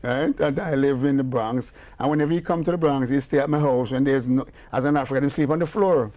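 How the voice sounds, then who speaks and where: A man's voice: mid-range voice, fast. An older man with a Jamaican accent, a musician telling stories in a casual interview, acting out the voices in his tales. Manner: animated storyteller, acts out quoted dialogue. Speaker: guest musician and producer.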